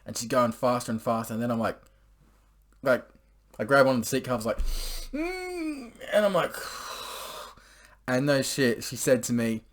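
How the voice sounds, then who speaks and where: A man's voice: mid-range voice, a little fast. A young man casually telling a story to camera, rambling and crude, full of swearing and filler words. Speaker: vlogger.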